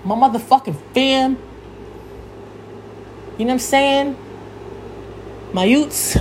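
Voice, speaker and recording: Heated high-pitched young woman ranting. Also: takes it slowly, slight background noise. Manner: heated, cursing freely, yelling at times. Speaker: podcast host. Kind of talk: profane rant.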